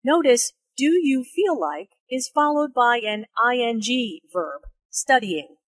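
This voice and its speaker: A woman explaining English phrases and their intonation in a slow, careful teaching voice. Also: no echo. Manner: slow, careful, with lively pitch for spoken examples. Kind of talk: slow, clearly articulated teaching narration and dialogue.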